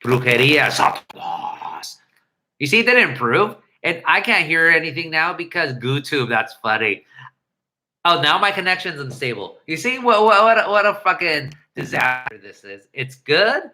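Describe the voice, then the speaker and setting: A man hosting a livestream, ranting in an animated, profane way into a headset mic. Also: fairly high pitch, moderate pace, rough recording. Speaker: livestream host. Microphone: headset earpiece mic.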